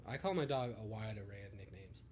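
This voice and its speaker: A man's voice: on the low side, fast talker, a little hiss or hum. A young man co-hosting a podcast, chatting casually and swearing freely, often laughing. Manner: relaxed, profane, laughs often. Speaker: podcast co-host. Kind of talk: casual chat.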